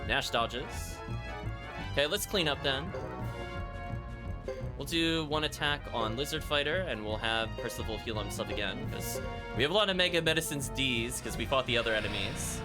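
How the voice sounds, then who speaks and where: A man's voice: medium pitch, big pitch swings, moderate pace. A man streaming a video game, giving casual play-by-play commentary with wry asides to his chat. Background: game music.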